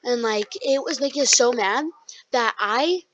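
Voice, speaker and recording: A young podcast co-host telling a rambling school story in casual chat, full of likes and ums. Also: female voice, on the high side, a little slow, noisy background. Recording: dull lo-fi sound.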